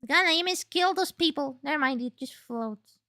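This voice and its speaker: A woman streamer whose first language is Spanish, chatting excitably over a game, swearing and leaping up in pitch. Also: fairly quick, no echo, studio quality. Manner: excitable, jumps high in pitch, swears, laughs. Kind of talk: live game stream chat, reading dialogue aloud.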